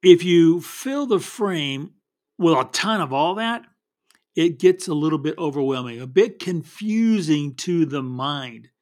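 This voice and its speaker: Slow-talking folksy man giving photo tips. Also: fairly high pitch, animated, a little mellow. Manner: folksy, meandering, with many restarts. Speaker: wildlife photography teacher. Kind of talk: casual spoken photography tips.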